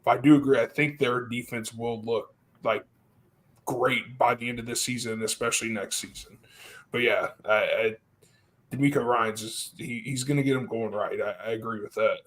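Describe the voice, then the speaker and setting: A man's voice: mid-range voice, fairly even intonation, moderate pace, a bit bright. A man hosting a sports betting podcast, reading out picks and agreeing easily, with frequent laughs. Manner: laughing, agreeable, passes the floor. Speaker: podcast host. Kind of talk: casual sports betting talk.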